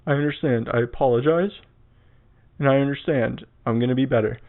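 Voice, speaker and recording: A man's voice: medium pitch, fairly quick, slight background noise, lightly acted. A man voicing a sheepish young man who meekly apologizes in a TV interview, on a tinny, phone-like recording.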